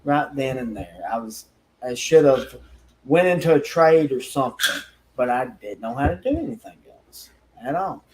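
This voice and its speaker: A man's voice: medium pitch, lively intonation, moderate pace, slight background noise, low-quality recording. A man telling a story in a casual podcast chat, talking bluntly with a lot of swearing. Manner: rough, informal speech. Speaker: guest telling stories from law enforcement work.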